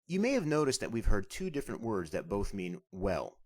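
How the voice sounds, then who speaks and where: A man narrating a scripted language lesson as the instructor, explaining clearly and patiently. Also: fairly low pitch, very animated, a little fast, a little mellow.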